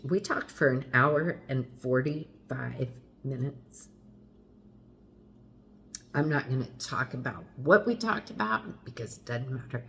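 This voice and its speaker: A middle-aged woman with a low voice talks openly about her life as a mother, in an unhurried, confessional way. She drops wry asides and a few mild curses as she goes. A faint hiss of noise sits under her voice. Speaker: mother talking to camera. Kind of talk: candid personal vlog.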